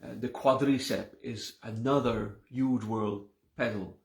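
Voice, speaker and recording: A man teaching a live class, slowly and patiently explaining word meanings, checking in often with his students. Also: mid-range voice, fairly even intonation, reverberant. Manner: slow, explains patiently with repeated "okay?".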